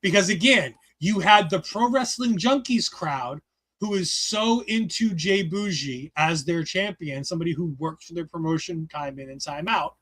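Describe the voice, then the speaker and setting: A man co-hosting a casual show review, excited and rambling, swearing freely and filling his talk with "like". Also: a little high, moderate pace. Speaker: podcast co-host reviewing a wrestling show.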